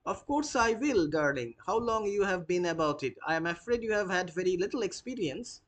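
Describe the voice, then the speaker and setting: A man reading a forward, proper young society woman's lines, his voice lifted higher than his usual talk. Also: lively intonation, fairly quick, a bit bright. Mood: prim, forward. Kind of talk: reading a play aloud in class.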